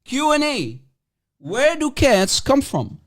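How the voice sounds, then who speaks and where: A man's voice: extremely high pitch, wildly swooping pitch, takes it slowly. A man hosting a casual livestream, mocking and provocative, teasing and repeating himself as he calls for guests. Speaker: livestream host.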